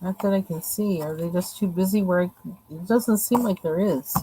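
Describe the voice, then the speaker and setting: A woman's voice: on the low side, moderate pace, mellow, a little hiss or hum, poor audio. A woman casually showing her coloring pages at home, rambling and thinking aloud as she goes. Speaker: coloring channel host. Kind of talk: casual show-and-tell.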